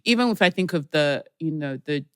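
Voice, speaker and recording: Young london woman hosting a podcast, lowish voice, laughs a lot, dry close sound. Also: brisk, clear, resonant tone, no room sound. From United Kingdom. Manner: chatty, animated, laughs often. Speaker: podcast host. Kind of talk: casual podcast chat.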